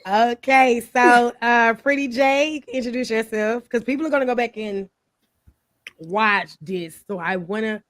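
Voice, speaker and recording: A woman's voice: a little high, measured pace, no room sound, studio quality. Blunt, rambling woman podcast host. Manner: blunt, rambling, swears freely. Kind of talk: casual panel chat.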